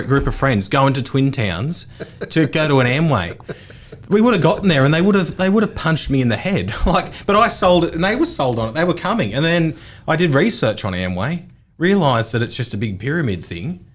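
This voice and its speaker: A man, co-hosting a casual podcast and telling a story with plenty of swearing. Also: on the high side. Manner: swearing storyteller, mimics other people in quotes. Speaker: podcast co-host, real estate agent. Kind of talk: casual chat.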